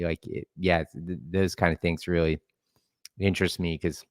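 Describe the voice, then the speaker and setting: A man with a very low voice talks as a podcast guest, working through his ideas thoughtfully and often restarting as he goes. His voice is picked up close and dry, with no room around it. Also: level tone, bright, forceful tone, clean tone, no echo. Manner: thoughtful, searching, halting with restarts. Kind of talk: casual conversation.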